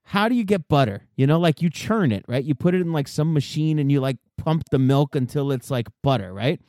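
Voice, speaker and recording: Animated, crude man in casual banter. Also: fairly high pitch, fairly quick, no room sound, studio quality. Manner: animated, crude, laughing storyteller.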